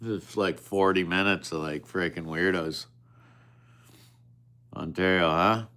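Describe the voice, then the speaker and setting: A man's voice: low-pitched, steady tone, slow, sharp tone. A man chatting casually with viewers on a live stream, teasing and swearing at them in an offhand way.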